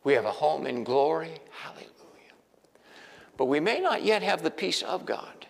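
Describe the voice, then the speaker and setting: A man's voice: on the high side, expressive, normal speed, gravelly. Man preaching in a reverberant hall. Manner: swings between hushed near-whispers and loud emphatic preaching. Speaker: pastor. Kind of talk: sermon. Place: church sanctuary. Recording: long reverb of a large hall.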